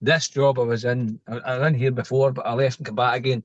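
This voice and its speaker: Fast-talking and mid-pitched, this middle-aged Scottish man drives a lorry and is animatedly telling a story over casual chat, doing the voices of those involved. The audio is muffled and has no room sound.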